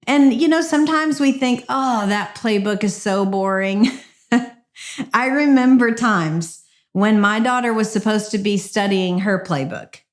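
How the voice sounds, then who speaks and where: A middle-aged woman hosting a devotional podcast, speaking in an earnest, encouraging and reflective way. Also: mid-range voice. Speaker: podcast host.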